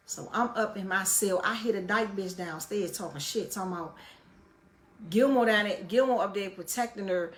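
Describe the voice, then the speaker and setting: A woman vlogger tells a story bluntly and casually, swearing as she goes, her volume rising and falling with the action. She has a medium-pitched voice and talks at a normal speed.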